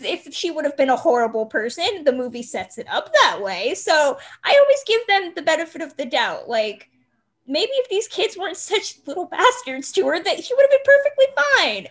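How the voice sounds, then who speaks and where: A woman guest on a podcast, chatting casually, animated and opinionated with some swearing. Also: sits high, normal speed. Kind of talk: casual chat.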